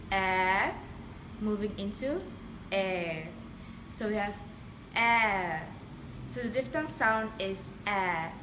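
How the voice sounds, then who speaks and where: A young woman giving a student class presentation on accents, slowly modelling words for others to repeat. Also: mid-range voice. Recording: echoey room from a distance with noise.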